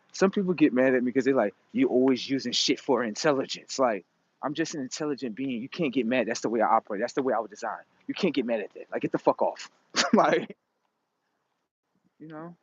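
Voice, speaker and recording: A man's voice: medium pitch, expressive, a little fast, husky. A man in a profane, rambling, emphatic casual monologue. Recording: dull lo-fi recording.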